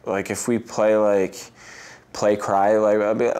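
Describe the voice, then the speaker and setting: A man's voice: lowish voice, level tone, normal speed, darkish tone. A man in his thirties, an interview guest, telling personal stories in a rambling, casual way full of "like" and "um". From United States. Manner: rambling, heavy use of "like" and "um", laughs often, mimics voices in quotes. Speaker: interview guest, Olympic swimmer.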